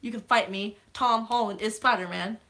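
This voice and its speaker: A young woman vlogging in casual chat, excitable and rambling, with frequent swearing. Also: fairly high pitch, moderate pace.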